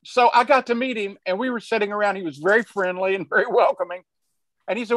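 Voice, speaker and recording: A man's voice: high-pitched, fast, fairly bright tone, no echo. An older man from Arkansas, telling a long story on a video call panel, rambling and restarting his sentences. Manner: rambling, restarts often, chuckles while telling. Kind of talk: conversational storytelling.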